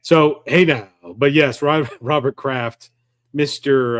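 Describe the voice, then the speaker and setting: Podcast guy, jokey and irreverent, gets animated, dry close mic. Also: medium pitch, a little slow, no echo. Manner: animated, irreverent storytelling with jokes. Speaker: co-host. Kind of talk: casual sports podcast chat.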